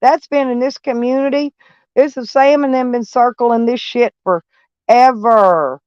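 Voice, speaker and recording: A woman's voice: a little high, steady tone, measured pace, darkish tone, clear, resonant tone, no room sound. A woman chatting casually on a live stream in a blunt, drawling way, often repeating herself. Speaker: van life vlogger. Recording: dull lo-fi sound.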